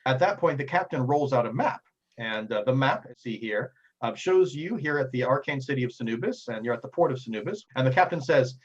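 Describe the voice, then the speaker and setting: A man running a tabletop game as game master, narrating with a lot of halting restarts and fillers. His voice is husky, and the recording sounds dull and lo-fi. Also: mid-range voice, animated.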